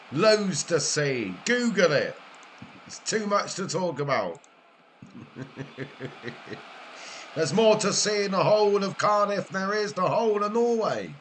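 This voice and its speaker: A middle-aged Welsh man drawls through a live game stream, teasing his viewers and laughing between lines. His pace is unhurried and his tone is jokey. A faint background hiss sits under his voice at his desk mic. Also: sits high, sing-song, a bit bright. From Wales. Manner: chatty, jokey banter with viewers, frequent laughs. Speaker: gaming streamer. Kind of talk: casual live-stream chat while gaming.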